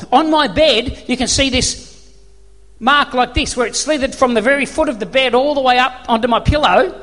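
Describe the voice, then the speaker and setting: Male pastor, high pitched, lively storyteller preaching in a reverberant hall. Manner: animated storyteller, acts out voices and screams. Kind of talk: sermon with storytelling.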